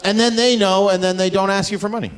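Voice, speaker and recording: A man's voice: high voice, fairly even intonation, quick pace. A man from Canada doing stand-up crowd work on a club stage, brash and profane. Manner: brash, profane, swings into mocking put-on voices. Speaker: stand-up comedian. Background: audience laughter.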